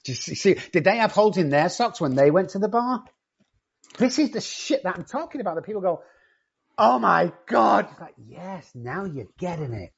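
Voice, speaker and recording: Blunt, cussing man with a husky voice. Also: sits high, sing-song, fairly quick, highs cut off. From not from England. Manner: profane, cocky and confrontational. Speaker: addiction treatment company owner. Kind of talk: blunt podcast conversation.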